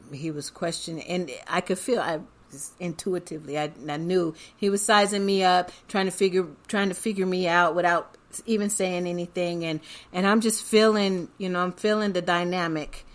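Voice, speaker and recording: A woman's voice: fairly low pitch, normal speed. A woman hosting a podcast, telling a personal story in a chatty way and often laughing as she talks. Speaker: podcast host.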